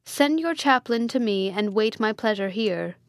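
A woman's voice: a little high, lively intonation, normal speed, no room sound. An imperious, cruel medieval prince gives curt commands, as a woman reads him aloud. The voice sits dry and close, with no room around it.

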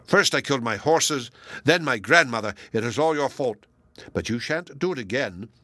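A man voicing a jealous, violent villager who makes loud threats. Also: medium pitch, animated, moderate pace, no room sound. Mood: threatening.

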